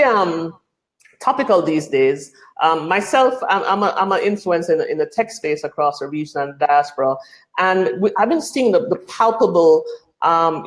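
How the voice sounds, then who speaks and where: A woman from the Caribbean hosting a weekly tech show, talking casually with frequent fillers and restarts. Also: fairly low pitch. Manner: hesitant, many fillers and restarts. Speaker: host.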